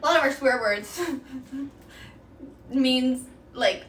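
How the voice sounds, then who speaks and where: A woman's voice: high-pitched, extremely slow, slight background noise. A young woman from Quebec with a Québécois accent, whose first language is French, chatting casually and giggling with her viewers while she cooks on a livestream. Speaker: streamer. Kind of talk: casual cooking livestream chat. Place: home kitchen. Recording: echoey kitchen, mic at a distance.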